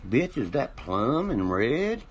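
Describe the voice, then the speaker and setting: A man's voice: medium pitch, sing-song, slow pace, a little hiss or hum, rough recording. A man hosting a casual livestream, rambling and boastful, swearing often while he drinks. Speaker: livestream host.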